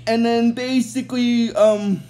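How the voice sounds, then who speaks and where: A woman's voice: fairly high pitch, steady tone, measured pace, mellow. A woman casually recapping a TV episode in a rambling way, full of fillers and restarts. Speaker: show recap host.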